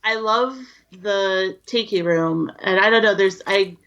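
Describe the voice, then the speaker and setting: Slow-talking woman co-host, easygoing. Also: mid-range voice, a bit bright, smooth, dull audio. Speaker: podcast co-host. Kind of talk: casual chat.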